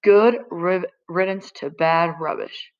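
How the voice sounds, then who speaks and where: A woman's voice: fairly low pitch, moderate pace, muffled recording, close to an everyday voice. A woman voicing a small, brainy, theatrical boy who puts on grand mock-archaic speech, in a storybook reading. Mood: cocky.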